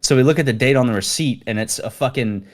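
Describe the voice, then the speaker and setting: A man's voice: mid-range voice, fast. A man co-hosting a casual podcast, telling profane military training stories and acting out the people in them. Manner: profane, storytelling, acts out quoted instructors in a louder voice. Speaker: podcast co-host. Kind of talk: casual chat.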